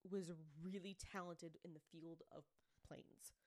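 A woman's voice: lowish voice, fairly even intonation, measured pace, no echo, clean studio sound. A young woman co-hosting a podcast, casually retelling a true-crime story with lots of "like"s. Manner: chatty storyteller, many "like"s. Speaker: podcast co-host telling the story. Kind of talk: casual chat.

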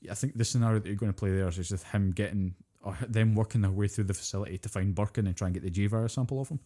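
A man, co-hosting a podcast and retelling a video game's story in casual, animated chat, swearing freely as he goes. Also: lowish voice, very fast. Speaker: podcast co-host.

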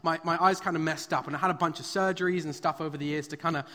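A man's voice: fairly high pitch, fairly even intonation, fast, sharp tone. A man preaching a sermon at a live church service. He talks in a conversational, storytelling way and uses frequent fillers. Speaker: pastor. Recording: long reverb of a large hall.

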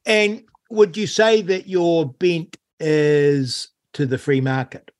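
A male host interviews a guest, speaking very slowly and deliberately. His voice sits in a middle pitch, and the recording is dry and close. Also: fairly even intonation, darkish tone, no room sound. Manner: slow, deliberate questions. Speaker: radio host.

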